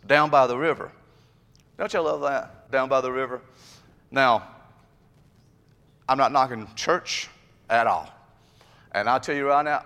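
Folksy preacher in a hall. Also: male voice, fairly high pitch, fairly bright tone. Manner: conversational, folksy preaching with rising emphasis. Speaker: pastor. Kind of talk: sermon. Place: church sanctuary. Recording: long reverb of a church hall.

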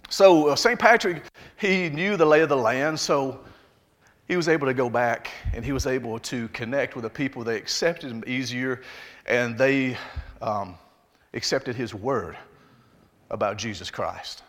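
A man's voice: mid-range voice, measured pace, fairly bright tone, long reverb tail. A man with a Southern Alabama accent preaching a sermon, talking to his congregation in a folksy, conversational way. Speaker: pastor.

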